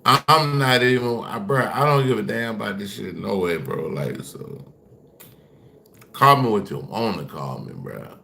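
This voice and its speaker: A man's voice: lowish voice, expressive, a little slow, creaky, sharp tone. A man on a casual livestream, taunting and dismissing his chat while repeating himself.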